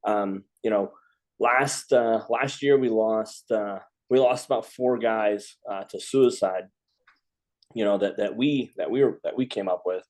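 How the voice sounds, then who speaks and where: Halting man with many restarts. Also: fairly low pitch, a little mellow. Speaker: host, veteran. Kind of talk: casual conversation.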